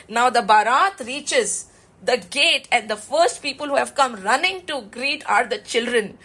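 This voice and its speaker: A woman, an expressive storyteller retelling a sacred epic and slipping in Hindi words. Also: on the high side, poor audio. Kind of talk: retelling scripture to listeners.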